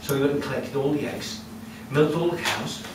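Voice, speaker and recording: Brief: animated male folk storyteller, higher voice, recorded from afar in a noisy, echoey cafe. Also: brisk, far from the mic. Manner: lively, conversational, with asides to the audience. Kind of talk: live folk-tale telling. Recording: echoey room heard from afar with noise.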